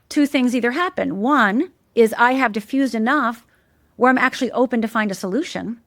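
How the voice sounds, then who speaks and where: A woman's voice: brisk, dry recording. Emphatic, teacherly woman with a dry sound. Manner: animated, jumps high in pitch to act out quoted voices; emphatic and teacherly, repeats key words. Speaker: guest, life coach. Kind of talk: animated interview talk.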